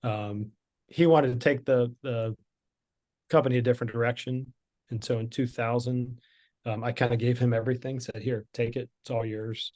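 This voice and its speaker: A man's voice: medium pitch, steady tone, normal speed, a little mellow. A middle-aged man telling his story as a podcast guest, candid and conversational with frequent fillers and restarts.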